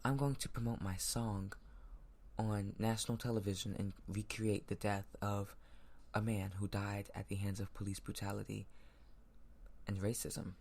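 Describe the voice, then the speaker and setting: A man hosting a solo podcast from his laptop at home, ranting in heated bursts that sometimes jump loud. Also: lowish voice, steady tone, normal speed, gravelly. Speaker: podcast host.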